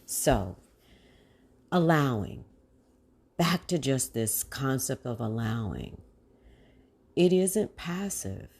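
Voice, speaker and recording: This is a woman hosting a mindfulness podcast who talks listeners through stillness and deep breaths. Her voice is mellow, with a gravelly edge. She speaks in a relaxed, homey way, with a touch. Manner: calm, slow guiding voice; casual, says "y'all". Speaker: podcast host and mindfulness coach. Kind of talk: guided breathing meditation.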